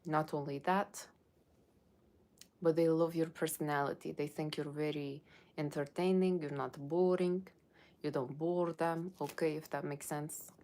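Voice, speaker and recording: Speaking in a deep, steady, mellow voice at an unhurried pace, a woman takes on the role of a tarot reader. She puts on a Russian accent as a brash, sassy fortune-teller, delivering a blunt Halloween reading peppered with teasing remarks to viewers.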